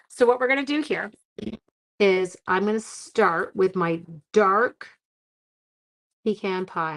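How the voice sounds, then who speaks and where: A woman's voice: medium pitch, slow pace. A woman hosting a live card-making tutorial from her home craft room, chatting casually with viewers and breaking off to talk to her dog.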